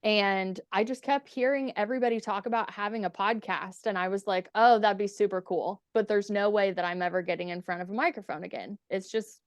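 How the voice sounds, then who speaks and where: A woman's voice: medium pitch, fairly even intonation, a little fast, few pauses, dry recording. A young woman telling stories as a podcast guest, candid and profane, acting out what people said. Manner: candid, profane, acts out quoted dialogue. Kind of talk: casual storytelling interview.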